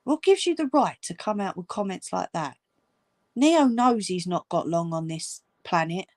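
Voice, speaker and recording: A woman's voice: on the low side, expressive, moderate pace, no echo, clean studio sound. A woman ranting angrily at viewers, swearing and scolding. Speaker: channel host. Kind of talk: angry direct-to-camera rant.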